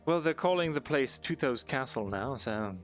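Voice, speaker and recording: A cautious scribe voiced by a man who hedges every sentence with ums and uhs. His pitch sits in the middle, and his delivery stays dry and understated. The scene is a live fantasy roleplay. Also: lively intonation, moderate pace, soft background music, close to an everyday voice. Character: cautious male scribe, rule-bound and wry. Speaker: roleplay player.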